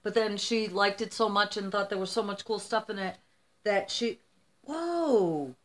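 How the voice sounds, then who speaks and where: A woman's voice: mid-range voice, lively intonation, unhurried. Gushing middle-aged woman vlogger. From United States. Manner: emotional, gushing, rambling. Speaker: vlogger opening gifts. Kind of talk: casual chat to camera.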